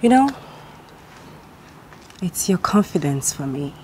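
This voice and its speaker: A woman's voice: lowish voice, sing-song, slow, darkish tone, a little hiss or hum, rough recording. An indignant Nigerian woman. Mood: defiant. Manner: indignant, bursts into pidgin. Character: wronged, defiant young woman.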